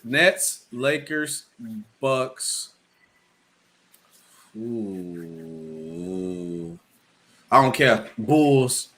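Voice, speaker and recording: A man's voice: mid-range voice, animated, very slow, pauses often, fairly bright tone. A man hosting a casual sports chat with friends, laid-back and chatty, laughing often. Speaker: podcast host. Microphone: headphones on, live call setup.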